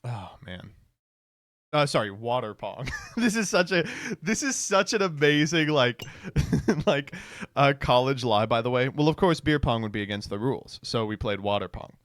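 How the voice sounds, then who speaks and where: A young man telling a rambling story on a livestream, sarcastic and quick to laugh, jumping into quoted voices. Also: medium pitch, lively intonation, a bit bright, no echo, studio quality. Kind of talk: casual storytelling on stream.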